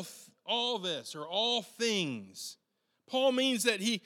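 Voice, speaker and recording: A man preaching a sermon in an earnest, unhurried way, often restarting and repeating words as he goes. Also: sits high, bright, forceful tone, long reverb tail.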